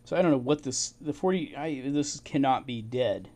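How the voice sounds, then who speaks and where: This is a man reading through old documents and commenting as he goes. He thinks aloud, restarts his sentences often and breaks into small chuckles. His voice sits at an ordinary mid pitch for a man. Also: expressive, normal speed, darkish tone. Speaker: channel host.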